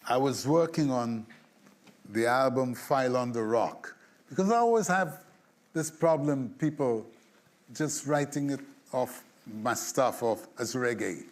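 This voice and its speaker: Being interviewed, a songwriter tells an anecdote in an unhurried, medium-pitched voice. He's an animated storyteller who acts out the scenes, hums snatches of tunes, and chuckles as he goes.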